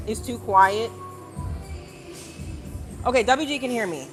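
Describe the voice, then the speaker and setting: Fairly high-pitched and animated, a young Virginian speaks slowly with frequent pauses while livestreaming her gym workout. She chats with viewers, calling them y'all, as soft music plays.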